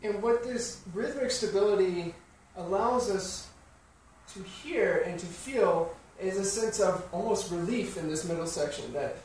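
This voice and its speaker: A man teaching a piano lesson, explaining rhythm calmly and counting beats aloud. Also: high voice, unhurried, background noise. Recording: very echoey room, slightly distant mic, piano playing.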